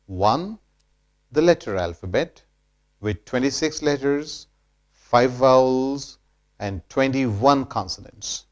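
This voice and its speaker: Slow, deliberate male pronunciation teacher. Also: medium pitch. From India. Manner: deliberate, drills words by repetition. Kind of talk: slow scripted lesson narration.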